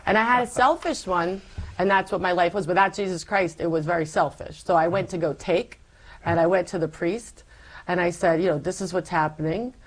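Brief: interview guest, woman, lower voice, animated storyteller giving a personal testimony. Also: a little fast, rough recording. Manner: lively storyteller who acts out quoted dialogue. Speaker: guest sharing a faith story.

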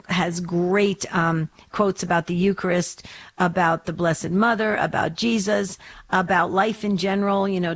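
On a religious call-in radio show, a woman host chats with callers and gently asks them probing questions. Her voice is on the low side.

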